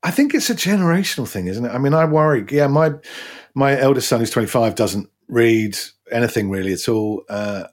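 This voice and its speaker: A middle-aged man hosting a casual interview, reacting with warm, jokey asides. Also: mid-range voice, lively intonation, brisk. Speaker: podcast host.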